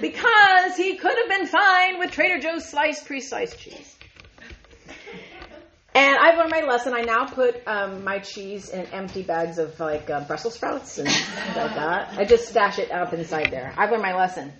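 A fairly high-voiced woman gives a humorous talk at a women's ministry gathering. She is animated and chatty, laughs often and fills her lines with "like". The room sound is echoey and a bit muffled. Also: measured pace. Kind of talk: humorous storytelling talk to a live audience. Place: event room.

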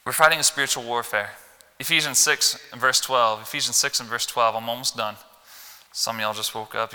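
Man preaching, Midwestern accent, very bright smooth voice, long church reverb. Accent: Midwestern American. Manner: animated, folksy, swings from loud emphasis to low asides. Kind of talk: Wednesday church sermon. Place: church sanctuary.

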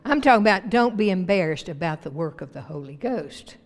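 A woman pastor preaching a sermon to her church with emphatic swings in pitch and volume. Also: lively intonation, a little fast. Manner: emphatic preaching with big rises and drops in pitch and loudness. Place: church sanctuary. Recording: long reverb of a church hall.

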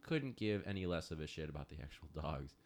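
Young male co-host, very deep register, chatty storyteller. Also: expressive, brisk. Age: young adult. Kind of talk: casual chat.

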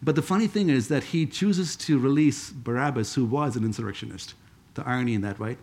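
A man's voice: medium pitch, a little fast, a little mellow. A man preaching a sermon in a conversational way, with joking asides.

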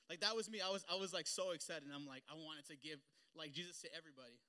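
Young male preacher, bright and fairly high voice, animated and chatty, filler-heavy sermon delivery. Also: fast talker. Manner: animated, conversational, heavy use of "like". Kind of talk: sermon with personal storytelling.

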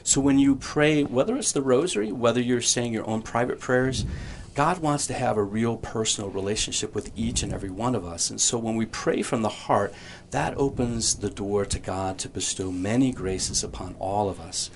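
A man's voice: medium pitch, moderate pace, slight background noise. A man in his fifties, a priest, telling his conversion story as a radio guest in an earnest, conversational way with fillers.

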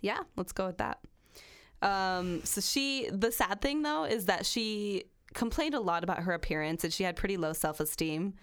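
A woman's voice: medium pitch, normal speed, smooth. A woman co-hosting a casual chat podcast, telling a true-crime story with lots of fillers and frequent laughter.

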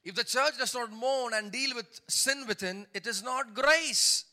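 Bright-voiced preacher man, emphatic repetition. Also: very high-pitched, measured pace. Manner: preaching with repeated emphatic lines and call-and-response; reads scripture aloud, breaks off to comment. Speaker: pastor. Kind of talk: sermon.

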